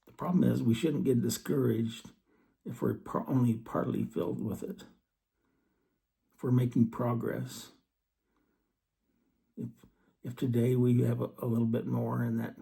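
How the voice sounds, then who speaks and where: A man giving an earnest scripture study talk, reading verses slowly and then explaining them. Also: medium pitch, creaky, warm tone. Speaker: religious teacher.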